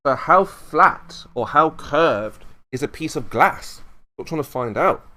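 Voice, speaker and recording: A man's voice: fairly high pitch, lively intonation, measured pace, pushed and bright. A man in an online debate, interrupting and lecturing his opponent.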